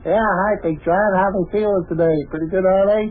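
A man's voice: sits high, fairly even intonation, a little fast. An actor playing a long-winded, chuckling male pal who rambles through folksy tall tales, on an old radio show. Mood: cheery. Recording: tinny old radio broadcast.

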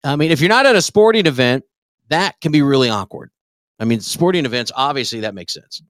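A man's voice: mid-range voice, lively intonation, brisk, fairly bright tone, no room sound, studio quality. A man from Oklahoma hosting a casual comedy talk show, joking crudely and swearing freely. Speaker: podcast host.

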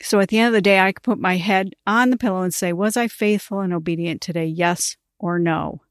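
A middle-aged woman hosting a ministry podcast, telling a story in a casual, animated way and laughing as she talks. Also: fairly low pitch, fairly quick, no room sound, studio quality. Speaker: podcast host, ministry coach.

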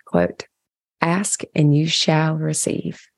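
Brief: a deep woman's voice with some fry, reading her own diary entry candidly, dry close sound. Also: lively intonation, slow, no echo. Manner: candid, reflective storytelling. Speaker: caregiver sharing a diary entry. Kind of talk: personal diary narration.

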